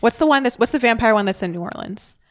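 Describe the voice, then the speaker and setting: Young woman guest on a podcast, talks fast, chatty and opinionated. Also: on the high side, expressive. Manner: chatty, opinionated, quick remarks. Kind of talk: casual chat.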